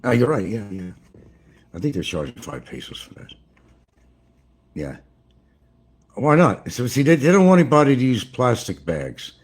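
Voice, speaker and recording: A medium-pitched, sing-song, slightly rough male voice speaks at normal speed, pausing often. It belongs to an older American vlogger livestreaming from his central Philippines home, chatting casually, rambling and chuckling over chat comments.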